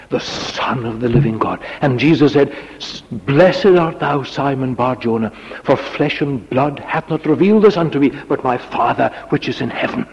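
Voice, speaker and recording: A man's voice: medium pitch, measured pace, slightly rough. A man preaching a sermon dramatically, dropping to a whisper on key words. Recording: lo-fi recording in a reverberant hall.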